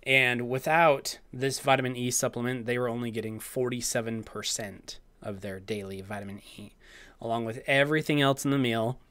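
A man with a slightly hoarse voice talks casually on a livestream. He reads out viewers' messages in a chatty way and often adds a quick "okay?" to check in. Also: medium pitch, a bit bright. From Utah. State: slightly hoarse, clearing his throat. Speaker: host of a live raw dog-feeding show. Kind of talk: casual livestream talk, reading chat.

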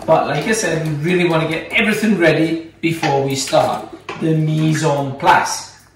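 A Scottish man with a slightly high voice talks through a home cooking demonstration in a playful, chatty manner, teasing his kids between steps. He sounds far from the mic in a very echoey kitchen. Pans and cutlery clatter clearly behind him. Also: normal speed, noisy background. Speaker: chef teaching home cooking.

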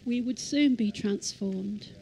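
A woman teaching in church, reading scripture slowly and emphatically and leading the congregation to repeat lines. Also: mid-range voice, vocal fry, dark tone, slight background noise, poor audio. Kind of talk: sermon. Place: church hall.

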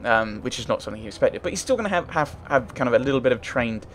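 A man's voice: mid-range voice, animated, racing, a little hiss or hum. A man playing a story game, reading its text aloud and thinking aloud in casual, hesitant commentary. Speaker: let's play gamer.

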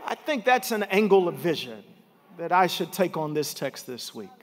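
Male pastor preaching, high-ish voice, tells stories then hits emphatic points, long church reverb. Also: big pitch swings, normal speed, a little hiss or hum. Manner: storytelling preacher, rising to emphatic declarations. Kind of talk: sermon. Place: large church sanctuary.

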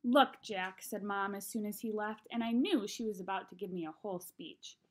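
A woman's voice: medium pitch, steady tone, a little fast. A woman expressively reading a novel aloud as narrator. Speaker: reader.

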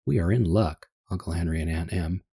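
A man's voice: low-pitched, brisk, gravelly, warm tone, breathy edge, heavily acted. A man voicing a cheerful, reassuring young girl in a read-aloud story.

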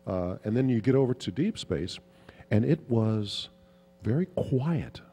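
Speaking in a husky, mid-range voice that sounds like it fills a big room, a male guest actor shares stories at a convention panel Q&A. He takes his time, chuckling and wandering through his anecdotes with plenty of fillers.

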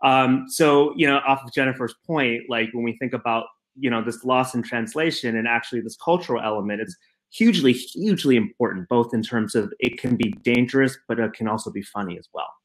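A man's voice: mid-range voice, fairly quick. A middle-aged man on a conference panel, telling anecdotes in a hesitant way with many fillers.

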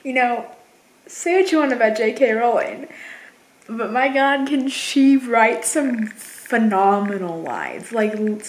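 A young woman vlogger talking slowly and haltingly while near tears, in a casual reading vlog. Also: fairly high pitch, animated. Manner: slow, emotional, halting. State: tearful, near crying. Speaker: book vlogger. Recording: echoey room.

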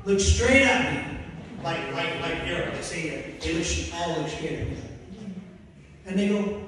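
A man preaches to a congregation, telling his own story with animated energy and slipping into the voices of the people in it. His voice sits high, and it is carried by a long, echoing hall reverb from far off the mic. A faint room hum sits underneath. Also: normal speed. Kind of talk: sermon testimony.

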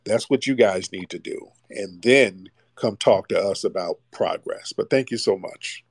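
A man's voice: lowish voice, measured pace, vocal fry, breathy edge, no room sound. A man hosting a live call-in stream, talking bluntly and mockingly down to his callers. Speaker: livestream host. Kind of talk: casual live call-in chat.

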